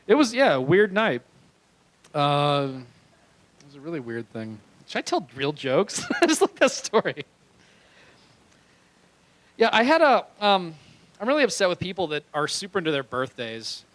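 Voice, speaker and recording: A young man with a high, bright voice doing stand-up on a small club stage. He rambles through his stories with animated energy and keeps laughing at his own lines. He speaks into a handheld stage mic. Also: no echo, rough recording. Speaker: stand-up comedian. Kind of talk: stand-up comedy.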